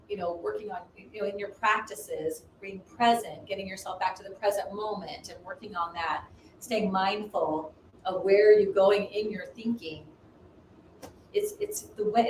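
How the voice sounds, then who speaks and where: A woman minister and business coach in casual spiritual chat, animated and acting out inner voices. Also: mid-range voice. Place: home livestream. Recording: roomy, distant mic, faint noise.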